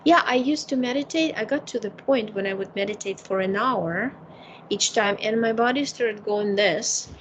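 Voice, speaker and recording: A woman consultant talking casually, telling animated stories with many fillers. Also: mid-range voice, normal speed, slight background noise, rough recording. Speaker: psychic consultant. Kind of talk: casual conversation.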